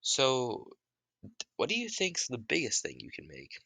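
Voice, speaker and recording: A man's voice: medium pitch, wildly swooping pitch, a little slow, creaky, sharp tone, husky, dry recording, voice pushed up, heavily acted. A man voicing a blunt young male ninja mentor who talks in a casual, offhand way.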